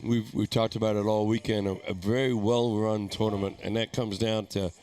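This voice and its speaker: A man with a fairly low voice calls a live darts match in a relaxed, chatty way. He laughs easily and keeps the talk flowing between throws. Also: moderate pace. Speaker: darts commentator. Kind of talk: live play-by-play commentary.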